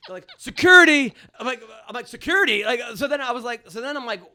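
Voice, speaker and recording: A man, a guest comedian, telling a story in an excitable, animated way with lots of swearing and acted-out quotes, recorded in a podcast studio. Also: very high-pitched, very fast.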